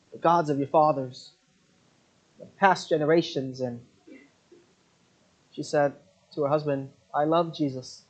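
A man's voice: fairly high pitch, darkish tone. Earnest man preaching a mission sermon. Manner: earnest, halting, with many fillers. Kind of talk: sermon with storytelling. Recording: dull lo-fi recording.

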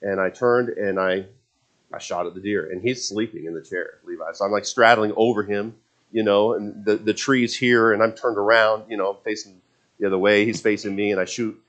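A man's voice: lowish voice, steady tone, moderate pace, fairly bright tone. A man in his forties telling a casual personal story, rambling with many restarts and fillers. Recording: dull lo-fi sound.

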